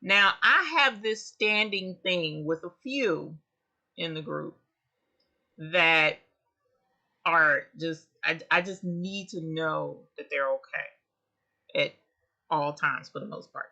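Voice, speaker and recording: A woman's voice: deep voice, slow, vocal fry, pauses often, pushed and bright. A woman hosting a casual livestream, chatting expressively and greeting viewers by name. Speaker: livestream host of an embroidery channel. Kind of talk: casual live chat with viewers.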